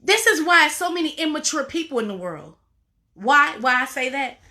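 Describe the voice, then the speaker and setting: Emphatic high-voiced woman life coach. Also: very animated, moderate pace, bright, forceful tone. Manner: preachy, repetitive, emphatic. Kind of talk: motivational talk to camera.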